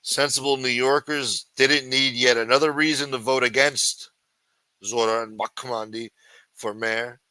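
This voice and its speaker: A man with a bright, forceful voice reads news stories aloud and tears into them with crude, mocking asides. His delivery is sarcastic and full of profanity. The sound is close and dry, with no room around it. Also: medium pitch, fairly even intonation, measured pace, no echo, poor audio. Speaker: livestream show host. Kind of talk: reading news articles aloud with commentary.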